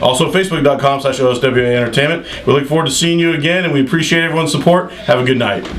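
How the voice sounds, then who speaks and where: A man's voice: a little high, very fast, a bit bright, slight background noise, poor audio. A man hosting a wrestling recap show, with announcer-style hype. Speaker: show host.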